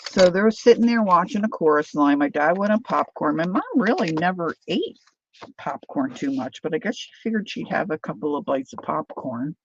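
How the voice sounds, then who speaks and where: A middle-aged woman with a gravelly voice, telling a family story in a chatty, animated way while she crafts. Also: deep voice, normal speed, dull audio, slight background noise. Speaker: craft vlogger.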